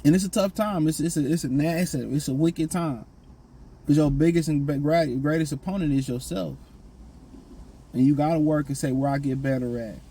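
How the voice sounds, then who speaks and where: A man's voice: fairly high pitch, moderate pace, warm tone, husky, poor audio. A man giving blunt, slangy dating and self-improvement advice in a casual, repetitive monologue.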